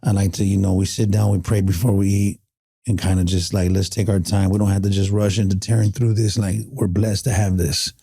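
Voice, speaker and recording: A man's voice: low-pitched, level tone, a little fast, vocal fry, mellow, slightly rough. A middle-aged man. He is a podcast guest telling reflective stories in an earnest, heartfelt way, often stopping and restarting. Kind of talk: reflective storytelling in casual conversation.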